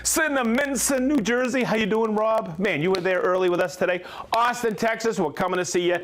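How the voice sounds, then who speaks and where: A man's voice: high-pitched, fairly quick, a bit bright, slight background noise. A man hosting a live product stream, chatty and upbeat, demonstrating tools and reading out viewers' hometowns. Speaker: host of a company livestream. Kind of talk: live product demo and viewer shout-outs.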